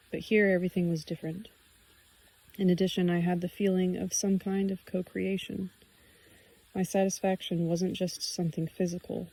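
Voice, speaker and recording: A woman narrating a first-person audiobook in a calm, even storytelling manner. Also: fairly low pitch, low-quality recording.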